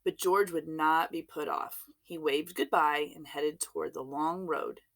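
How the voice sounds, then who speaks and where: A woman reading a children's storybook aloud in an expressive, unhurried way. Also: low-pitched.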